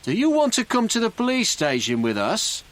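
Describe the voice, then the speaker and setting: A man's voice: high voice, wildly swooping pitch, moderate pace, a bit bright, pitched above the performer's own voice, heavily acted. A man reading a storybook, voicing an eager young police constable in a raised voice. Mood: pressing.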